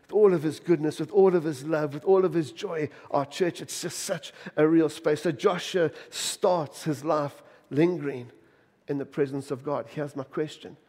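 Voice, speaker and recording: Emphatic middle-aged pastor in a reverberant hall. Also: male voice, a little high, fairly even intonation, normal speed. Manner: emphatic preacher, repetitive rhetorical questions, swings loud and soft. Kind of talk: sermon. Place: church. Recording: long reverb of a church hall.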